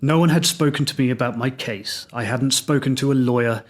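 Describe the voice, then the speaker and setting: A man's voice: medium pitch, a little fast. A man from England with an English accent, hosting a solo podcast and telling his own story in a reflective, wry, self-deprecating way. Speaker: podcast host.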